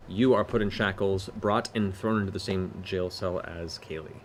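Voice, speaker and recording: A man acting as game master narrates a tabletop role-playing game, describing scenes in a measured way with hesitant fillers. His voice sits low with a steady tone, and there is slight background noise.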